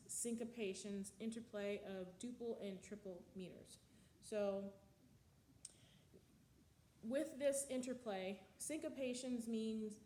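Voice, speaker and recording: A woman's voice: a little high, darkish tone, a little hiss or hum. Woman lecturing in an echoey room. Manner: explanatory, with frequent ums and sung counting of beats. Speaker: music history teacher. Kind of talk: recorded slide lecture.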